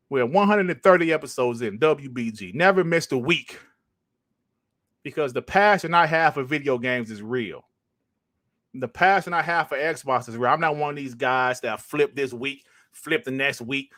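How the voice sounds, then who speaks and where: A man's voice: medium pitch, lively intonation, normal speed, long pauses, fairly bright tone, no echo, clean studio sound. A man hosting a podcast, ranting casually and emphatically, swearing and repeating points for stress. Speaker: podcast host.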